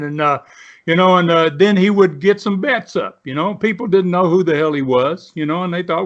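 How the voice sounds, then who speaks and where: A man's voice: high-pitched, brisk, a bit bright. A man in his seventies, a guest on the show, telling a long story in a folksy, rambling way with many "you know"s and "right?"s. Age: 70s. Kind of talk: storytelling in an interview. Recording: dull lo-fi.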